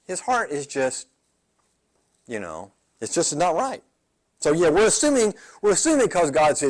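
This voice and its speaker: A male pastor leads a Bible study in a casual, back-and-forth way. He keeps asking his listeners "right?" and doubles back on his words. His slightly high voice swings widely in pitch. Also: big pitch swings, moderate pace. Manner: conversational, asks the group questions like "right?"; repeats words as he goes. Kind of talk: midweek Bible study teaching.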